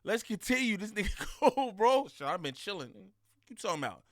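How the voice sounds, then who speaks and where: A man giving loud, slangy reaction commentary on video clips, laughing and mimicking the people in them. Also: sits high, big pitch swings, fairly quick, no echo, studio quality. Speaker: reaction streamer.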